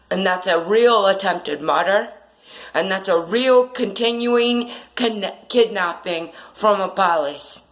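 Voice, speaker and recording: A woman's voice: mid-range voice, fairly bright tone, poor audio. A woman speaking into a phone in a rambling monologue, with an insistent, aggrieved tone and long run-on sentences.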